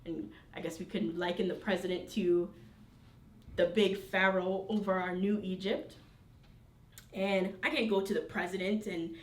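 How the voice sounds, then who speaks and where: A woman's voice: lowish voice, steady tone, normal speed. Woman teaching scripture in an echoey room. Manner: conversational, frequent tag questions, reads scripture aloud. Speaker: Bible teacher. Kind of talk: informal Bible study teaching. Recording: roomy, distant mic.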